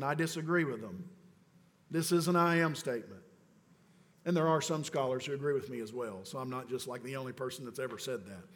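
Pastor guy preaching, kinda high voice, goes loud then drops real quiet, big echo tail. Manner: emphatic preaching, swinging from loud urgent declarations to low, slow, quiet stresses; casual asides mixed with scripture teaching. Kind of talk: sermon.

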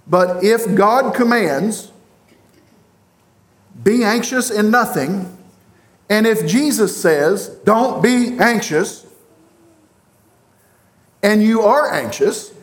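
A man preaching a sermon as pastor, speaking earnestly and directly to his congregation in a church sanctuary. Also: high-pitched.

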